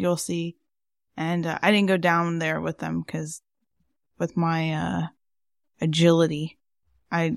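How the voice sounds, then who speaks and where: A woman's voice: fairly low pitch, gravelly, dry recording, studio quality. A woman co-hosting a podcast in casual chat, rambling with lots of fillers. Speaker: podcast co-host.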